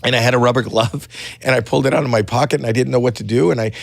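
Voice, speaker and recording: A middle-aged man telling rambling anecdotes as a podcast guest, animated, with frequent stammering restarts, in a studio. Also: mid-range voice, very fast, vocal fry, no room sound. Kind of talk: casual storytelling chat.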